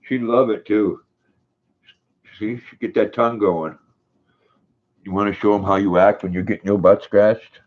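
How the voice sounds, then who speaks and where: A man's voice: low voice, steady tone, moderate pace, long pauses. An older man hosting a casual live stream from home, rambling and chuckling as he reads viewer comments aloud. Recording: dull lo-fi sound.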